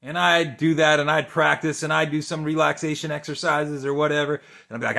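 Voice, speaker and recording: A middle-aged man, a therapist, teaching in a relaxed, conversational way with many fillers and restarts and frequent rhetorical questions. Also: fairly high pitch, brisk, gravelly, few pauses. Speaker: therapist teaching a video course. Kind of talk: unscripted teaching talk to camera.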